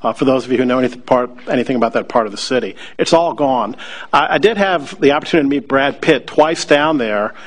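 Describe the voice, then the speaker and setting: A man's voice: mid-range voice, expressive, fast talker. A middle-aged man from New Orleans, a law school faculty member, telling wry personal stories to an audience with frequent hesitations. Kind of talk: personal storytelling talk to an audience.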